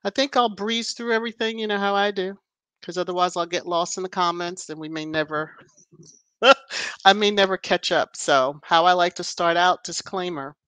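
A woman's voice: fairly low pitch, normal speed, smooth, dry recording. A woman hosting a casual live stream, greeting viewers one by one by name and lifting her voice on each greeting. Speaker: livestream host. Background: soft background music.

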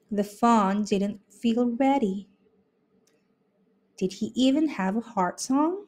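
Woman, storybook read-aloud, slow, lively sing-song pitch, fairly high voice. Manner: expressive, unhurried. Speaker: storybook reader. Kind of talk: children's read-aloud narration.

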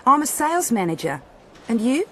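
A woman's voice: on the high side, sing-song, normal speed, a little hiss or hum. Woman voicing a friendly saleswoman in a textbook dialogue. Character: friendly adult female sales manager.

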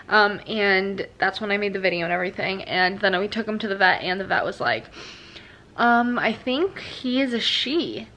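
A woman's voice: medium pitch, fairly bright tone, dull audio. A chatty young woman, vlogging casually from the couch in her living room. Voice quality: slight lisp from a new tooth crown. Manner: chatty, rambling, many fillers. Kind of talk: casual vlog chat.

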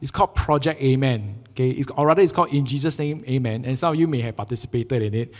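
A man preaching a sermon with a Singaporean English accent, telling jokey, animated stories and acting out quotes. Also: mid-range voice, fast talker, in a large hall. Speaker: pastor. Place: church sanctuary.

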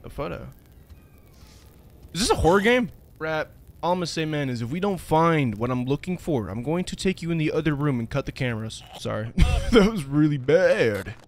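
A man's voice: fairly high pitch, lively intonation, normal speed. A young man hosting a let's-play, joking, swearing and laughing as he reacts. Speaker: gaming video host.

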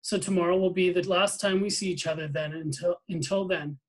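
A man's voice: high-pitched, steady tone, fairly quick, poor audio. A man reading a novel aloud, voicing a curious, well-meaning young boy with eager, earnest questions in a near-plain voice.

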